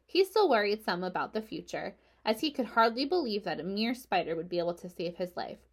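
A woman reading a children's book aloud in a steady, even storybook manner. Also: mid-range voice, fairly quick, husky.

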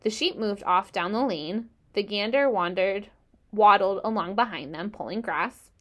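A woman narrating a children's storybook in a gentle, expressive way. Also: medium pitch, a little slow. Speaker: reader.

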